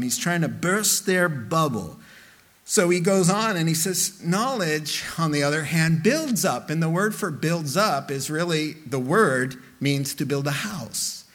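A middle-aged male pastor preaching a sermon with a bright, fairly high voice. He speaks slowly and deliberately. He turns animated as he acts out the people he quotes.

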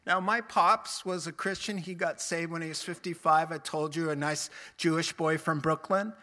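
A male pastor preaching with a high, bright voice. He talks in a plain, conversational way and brings each scene to life by acting out the voices in it. His delivery is lively and animated. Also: moderate pace. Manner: animated, acts out the quotes he tells. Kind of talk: sermon.

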